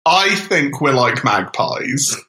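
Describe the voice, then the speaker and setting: A man's voice: mid-range voice, pushed and bright. A man co-hosting a podcast, chatting casually and telling stories with laughs and exclamations. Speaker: podcast co-host. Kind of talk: casual chat. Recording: roomy echo.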